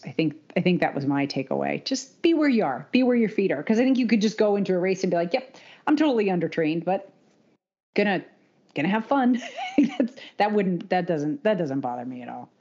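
A woman co-hosting a casual podcast as a running coach, talking in an animated, opinionated way and laughing often. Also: fairly low pitch, fairly quick, hardly any pauses. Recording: dull lo-fi podcast audio.

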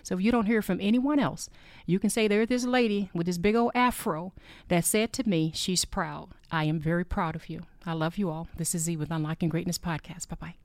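A woman's voice: on the low side, a little fast, no echo, studio quality. A middle-aged woman hosting a faith podcast, talking in a heartfelt, rambling way and repeating herself often. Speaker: podcast host.

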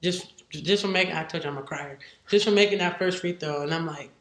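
A woman's voice: deep voice, brisk, reverberant. A woman who is a football head coach, a guest telling stories in casual conversation and acting out what others said. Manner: animated, acts out what others said. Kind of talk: casual interview storytelling.

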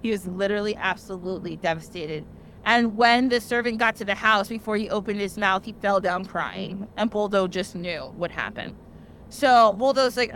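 A young woman hosting a podcast, casually retelling an old tale in a chatty, animated way with lots of "like" fillers. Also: mid-range voice, normal speed, slight background noise. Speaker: podcast host. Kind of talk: casual storytelling.

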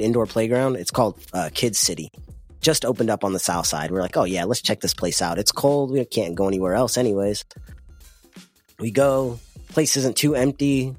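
Animated young man telling a story. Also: fairly low pitch. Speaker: podcast co-host. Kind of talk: casual chat.

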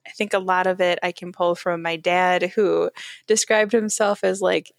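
A woman's voice: fairly low pitch, little pitch movement, normal speed, vocal fry, no room sound, studio quality. A woman from Michigan telling stories in a chatty, casual podcast conversation. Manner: chatty and talkative, easy storytelling. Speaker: podcast co-host. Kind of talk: casual chat, storytelling.

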